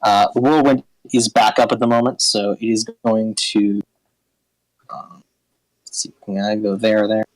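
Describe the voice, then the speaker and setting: A man running a tabletop game as dungeon master, talking haltingly with many ums and uhs. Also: fairly low pitch, level tone, no echo, rough recording.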